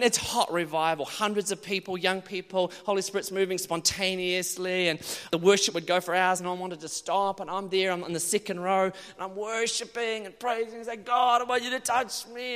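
A man preaching a sermon, telling his own testimony in an animated way, moving from hushed passages to loud ones. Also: high voice. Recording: long church reverb.

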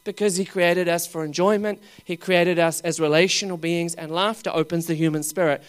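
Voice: mid-range voice, steady tone, fairly quick, clear, resonant tone. A preacher giving a humorous sermon, asking the crowd questions and laughing often. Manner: swings between loud exclaiming and dropping to quiet asides.

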